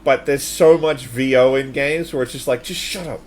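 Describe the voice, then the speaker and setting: Podcast guy ranting, mid-pitched voice, bit of faint hiss under it. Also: fairly even intonation, moderate pace, a little mellow. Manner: emphatic, opinionated ranting. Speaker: podcast co-host. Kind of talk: casual chat.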